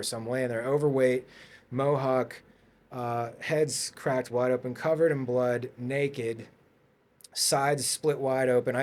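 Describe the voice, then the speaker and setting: A man guest on a podcast, telling his story in a casual, rambling way with many fillers and restarts. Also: medium pitch. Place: podcast studio.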